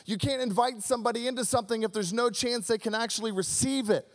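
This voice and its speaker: High-voiced energetic male pastor. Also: quick pace. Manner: energetic, conversational preaching with audience call-outs. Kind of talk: Christmas sermon.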